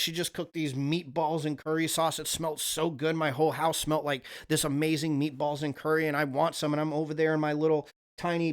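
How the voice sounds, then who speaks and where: A man hosting a livestream, talking in a loose, rambling, profane monologue. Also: fairly high pitch. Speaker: livestream host.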